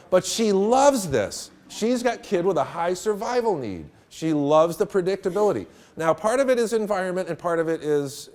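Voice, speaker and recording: A middle-aged man giving a workshop lecture to teachers in a room with an audience, telling stories in an animated way and laughing along. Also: mid-range voice. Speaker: teacher trainer.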